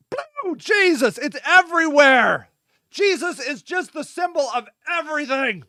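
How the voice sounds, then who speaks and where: High, bright-voiced man riffing irreverently. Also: no echo, clean studio sound. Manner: rambling, irreverent, jokey, bursts into shouts; vamping, talks to his audience. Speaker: host. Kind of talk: casual solo monologue.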